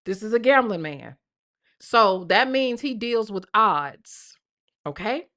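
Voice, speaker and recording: Bright-voiced woman gossiping bluntly. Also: mid-range voice, lively intonation, slow pace. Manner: blunt, profane, repeats "okay?". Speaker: live stream host. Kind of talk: casual gossip commentary. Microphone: live stream mic.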